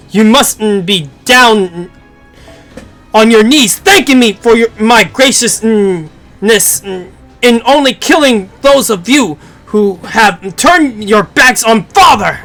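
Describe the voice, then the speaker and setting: A scornful god who looks down on humans, as voiced by a streamer reading a game, thundering out slow, lordly declarations. The speech is unhurried, yet the tone stays bright and cutting. Soft music plays underneath. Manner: haughty, booming, drawn-out proclamations. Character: arrogant male god who despises humans.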